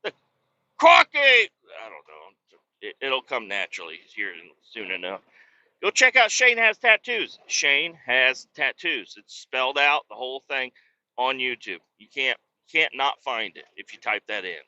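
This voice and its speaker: A man with a very bright, forceful voice hosts a casual podcast from a car on a bumpy road. He rambles and jokes, breaking into loud rants, and the sound is a bit dull and lo-fi. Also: medium pitch, very animated, moderate pace. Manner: rambling, joking, rants with bursts of shouting. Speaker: podcast host. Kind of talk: casual solo podcast talk. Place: moving vehicle on a bumpy road.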